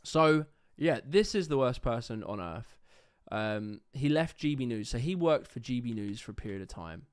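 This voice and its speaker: A man's voice: mid-range voice, lively intonation, moderate pace, hardly any pauses, clean tone. A young man hosting a livestream, ranting casually and sarcastically about clips, swearing freely. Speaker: livestream host reacting to clips.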